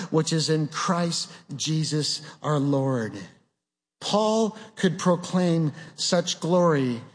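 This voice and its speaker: A man preaching a sermon in a slow, emphatic style, building on rhetorical questions. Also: on the high side, long reverb tail.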